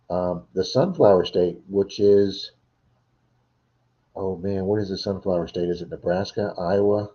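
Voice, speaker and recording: A man's voice: low-pitched, mellow, highs cut off. A middle-aged man hosting a casual livestream from home, rambling and answering viewers' chat messages. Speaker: livestream host.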